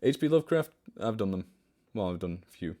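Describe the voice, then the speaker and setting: A young man with a lowish, mellow, expressive voice speaks briskly as he hosts a livestream. He chats easily with viewers, makes self-deprecating jokes, and answers what they ask in chat.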